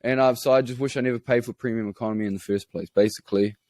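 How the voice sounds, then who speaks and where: A man's voice: medium pitch, fairly even intonation, very fast, darkish tone, no echo, studio quality. A man with a New Zealand accent telling rambling, profane, self-mocking stories as a podcast co-host. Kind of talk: casual storytelling.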